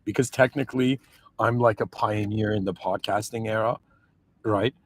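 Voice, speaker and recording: A man's voice: lowish voice, fairly even intonation, moderate pace, low-quality recording. Giggly rambling male podcaster. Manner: giggly and rambling, often breaking into laughter. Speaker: podcast host. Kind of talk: casual solo podcast monologue.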